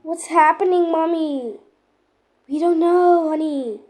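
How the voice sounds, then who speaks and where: A woman narrating and voicing a playful game role-play in an excitable, dramatic way, full of exclamations. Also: very high voice, slow pace.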